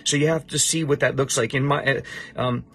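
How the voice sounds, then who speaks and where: A man's voice: medium pitch, fairly even intonation, fairly quick, a bit bright, husky. A middle-aged man teaching a Bible passage to a student, emphatic and repeating his points.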